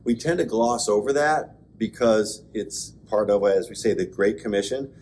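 Man, low voice, pastor, church class lecture, conversational, joking asides, excited emphasis, faint background noise. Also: normal speed. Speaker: pastor teaching an adult class.

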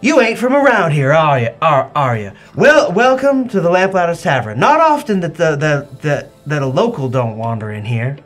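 A man's voice: high voice, sing-song, unhurried, few pauses, a bit bright, slightly rough, soft background music, pitched above the performer's own voice, heavily acted. A man voicing a cheerful, hospitable middle-aged tavern woman with a folksy rural drawl. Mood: hearty.

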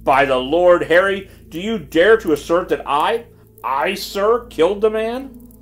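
A man voicing a hot-tempered, burly old colonel who blusters loudly. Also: high voice, expressive, measured pace, faint music behind, voice pushed up. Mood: blustering. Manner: loud, blustering, indignant.

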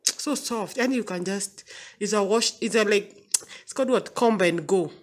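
A woman's voice: medium pitch, normal speed. A woman with a Kenyan accent chatting casually on a home vlog, coaxing her toddler with playful questions. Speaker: mother and vlogger. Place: home, indoors.

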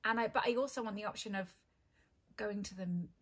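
A woman's voice: medium pitch, fast, fairly bright tone, slightly rough. An English woman co-hosting a casual chat, blunt and teasing with strong opinions. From England. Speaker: podcast co-host.

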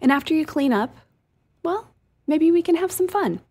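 Woman doing a syrupy sweet wife in a told joke, brighter and higher. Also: animated, normal speed. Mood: sugary. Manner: syrupy and overly nice.

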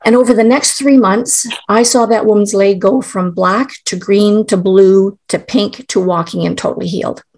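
A woman's voice: mid-range voice, fairly even intonation, normal speed, few pauses, darkish tone. A middle-aged woman, a guest, telling a personal story in an earnest, emotional way, with restarts.

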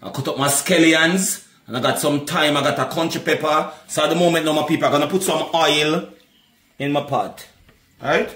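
A Jamaican man talks through a home cooking vlog in a loose, chatty way, keeping his viewers close. His voice sits somewhat high for a man. The room around him rings with echo. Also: fairly even intonation, fairly quick, a bit bright. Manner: chatty, keeps calling viewers "my people". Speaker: cooking vlogger.

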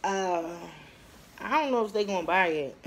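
A woman in her twenties talking casually to her viewers, telling her story with lively bursts and lots of fillers and pauses. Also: medium pitch. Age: 20s. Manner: chatty, animated storytelling, addresses viewers as y'all; frequent fillers and trailing pauses. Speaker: vlogger. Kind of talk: casual talk to camera.

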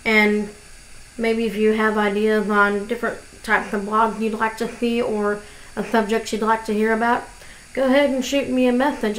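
A woman's voice: a little high, a little hiss or hum, low-quality recording. Chatty Southern woman vlogger. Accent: Southern American. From Tennessee. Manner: chatty, rambling, frequent fillers. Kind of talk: casual chat to camera.

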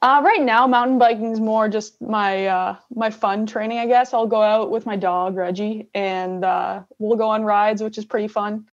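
A young woman from Canada, an athlete answering interview questions in a relaxed, casual way with many fillers. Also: mid-range voice, normal speed, hardly any pauses. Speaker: interview guest, gravel cyclist. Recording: dull lo-fi sound.

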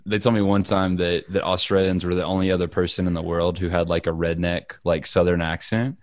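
Man, podcast co-host, deep voice, excitable, rambling, lots of fillers, dry close recording. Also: a little fast, no room sound. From United States. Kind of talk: casual podcast chat.

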